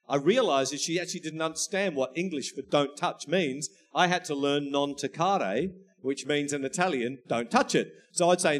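A male pastor preaching a sermon, telling family stories in an animated, laughing way. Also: a little high. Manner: storytelling, animated, laughing at his own anecdotes.

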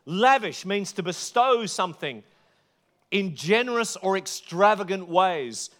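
A man's voice: high voice, lively intonation, unhurried, a bit bright. A man preaching a sermon to a church gathering, earnest and emphatic, stretching out the words he stresses. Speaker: pastor.

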